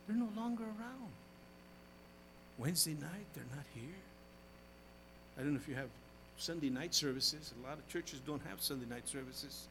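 An older man preaching a sermon as pastor, his voice swinging from loud exclamations down to quiet asides. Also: fairly high pitch, animated, normal speed, pauses often, slight background noise, poor audio.

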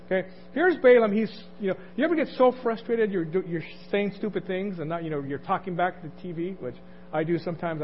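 A man preaching a conversational sermon as pastor, asking the congregation questions and chuckling between points. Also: sits high. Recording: dull lo-fi recording, faint noise.

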